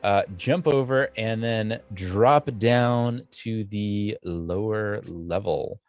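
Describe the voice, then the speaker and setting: Male game master, low voice, unhurried, hesitant delivery with fillers. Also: a little mellow, no echo. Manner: halting, many fillers and restarts. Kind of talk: narrating a tabletop game.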